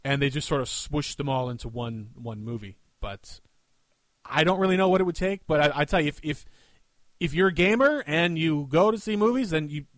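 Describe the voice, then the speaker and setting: A man's voice: on the high side, fairly quick, no room sound. Easygoing, stammering podcast man. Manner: hesitant, repeats words, easygoing. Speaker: podcast co-host. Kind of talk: casual chat.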